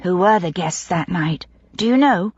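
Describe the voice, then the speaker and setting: A woman voicing a curious, well-bred young lady in disguise who asks eager, hushed questions. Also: fairly low pitch, expressive, normal speed, slightly rough, dry recording, muffled recording. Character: genteel young woman posing as a maid, curious.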